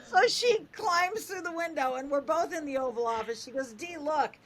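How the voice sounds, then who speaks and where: An older woman radio host telling a funny story, lively and animated, acting out the voices in it. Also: moderate pace. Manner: lively, acts out quoted voices with big pitch jumps.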